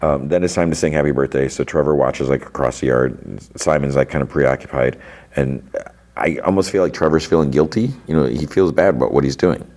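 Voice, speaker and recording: A man with an extremely deep, low voice talks through his recap in a loose, rambling way. He leans on fillers and "like" as he goes, in the easy tone of a podcast host. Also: fairly quick, a little mellow. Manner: rambling, filler-heavy, lots of "like". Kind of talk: casual recap chat.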